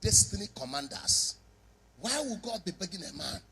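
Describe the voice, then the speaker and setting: A man's voice: high voice, normal speed, creaky, breathy edge. A male pastor preaching a dramatic sermon, acting out the scenes as he goes. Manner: animated, dramatic, acts out scenes.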